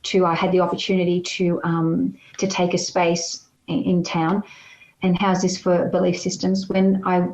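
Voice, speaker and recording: A woman's voice: lowish voice, completely flat delivery, moderate pace, darkish tone. Chatty woman in a roomy space. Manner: chatty, storytelling with acted quotes. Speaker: holistic healer, podcast guest. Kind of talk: casual interview chat. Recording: roomy, dull lo-fi sound.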